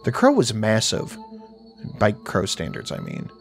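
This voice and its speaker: Lively wry man narrating a horror story. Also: fairly low pitch, measured pace, creaky, faint music behind.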